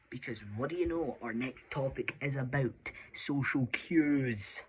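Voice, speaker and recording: Scottish male vlogger, husky mid-range voice, loose rambling delivery. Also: medium pitch, a little slow. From Scotland. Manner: rambling, chatty, lots of fillers. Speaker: YouTuber. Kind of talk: casual vlog talk.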